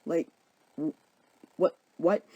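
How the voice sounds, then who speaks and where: A woman's voice: takes it slowly, mellow, dull audio, close to an everyday voice. A woman voicing Oberon, a scheming fairy king who talks in an indignant, bossy way.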